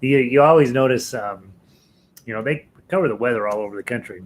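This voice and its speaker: A man's voice: mid-range voice, a little fast, poor audio. An American man hosting a live ukulele lesson stream, chatting casually with viewers, chuckling often and rambling with fillers and restarts. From United States.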